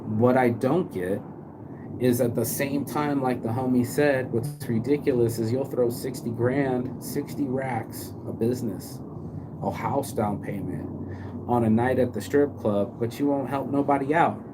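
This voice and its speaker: A man's voice: mid-range voice, fairly even intonation, measured pace, noisy background. A man from the Bay Area hosting a rambling motivational live stream from his phone while walking outdoors, talking in a loose, slangy, profane way. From Bay Area, California.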